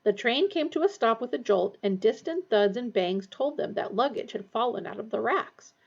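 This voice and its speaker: A woman reading a storybook aloud in a steady, expressive way. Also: fairly high pitch, normal speed, vocal fry, husky, dull audio. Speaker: audiobook reader. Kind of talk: storybook narration.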